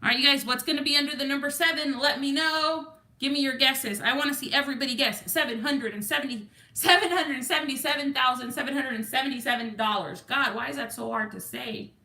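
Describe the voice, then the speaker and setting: A woman's voice: high voice, fairly quick, hardly any pauses, pushed and bright. A woman with a Texan accent hosting a livestream, chatting casually and greeting viewers from the chat. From Texas. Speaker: livestream host.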